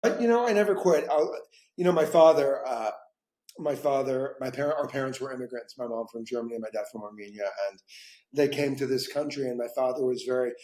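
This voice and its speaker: A man who is an actor, telling stories in a casual conversation, lively and expressive. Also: medium pitch, brisk. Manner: animated storyteller, voice rising and dropping through anecdotes. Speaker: guest actor. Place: home, dog nearby. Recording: echoey room.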